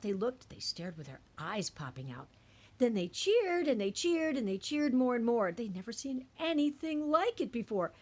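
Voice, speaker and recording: A woman reading a rhyming picture book aloud in an expressive, singsong way. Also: fairly high pitch, normal speed. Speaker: storybook reader.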